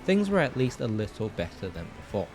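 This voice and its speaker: Lively young man narrating a race recap. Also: fairly low pitch, brisk, soft background music. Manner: lively, laughs often with teammates. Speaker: sim racing video host.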